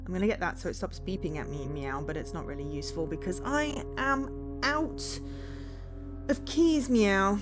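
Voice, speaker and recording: A woman streaming a puzzle game, tacking a meow onto nearly every phrase as a dare while she thinks aloud with many pauses, sounding tired late at night. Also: medium pitch, over music. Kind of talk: casual charity stream commentary.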